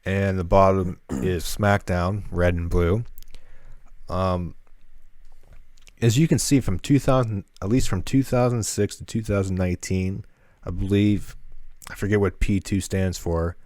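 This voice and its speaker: A man co-hosts a casual podcast in a deep, low voice. He rambles through his notes with frequent fillers and false starts. The sound is close and dry, with no room echo. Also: fairly even intonation, unhurried, darkish tone. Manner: rambling, many fillers and restarts. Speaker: podcast co-host.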